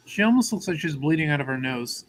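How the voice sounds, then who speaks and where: A man's voice: fairly high pitch, lively intonation, quick pace, a crowd in the background, poor audio. Man relaying chat requests. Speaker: comic book artist. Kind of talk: casual livestream chat.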